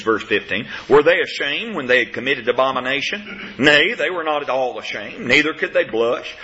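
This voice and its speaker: A preacher delivers a sermon with lively, swooping pitch and a bright, forceful tone. He leans hard on key words and reads the old scripture in measured cadence. The recording is dull and lo-fi. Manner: emphatic, rising to forceful stresses on key words. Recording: dull lo-fi sound.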